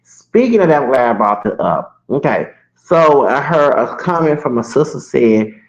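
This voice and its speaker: A man in his forties, streaming live, rambles through a long monologue, often restarting and correcting himself. His voice sits at a medium pitch with a sing-song lilt and a normal pace. The room is echoey and the sound dull and lo-fi.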